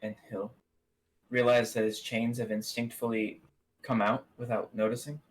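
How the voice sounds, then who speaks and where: A man's voice: medium pitch, flat delivery, moderate pace, low-quality recording. A man playing in a tabletop game, casually describing his character's actions. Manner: casual, swears, narrates own character. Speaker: player.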